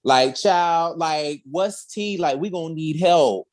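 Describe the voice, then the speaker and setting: A podcast co-host recapping a story in a sassy, slangy, animated way, with acted quotes. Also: medium pitch, slow. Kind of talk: casual chat.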